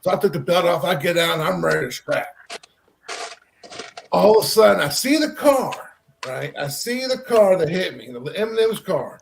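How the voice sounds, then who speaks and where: Man from Texas, slightly high, gravelly voice, rambling story with lots of fillers. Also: normal speed, a little hiss or hum. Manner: rambling, animated, many fillers. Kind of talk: casual storytelling.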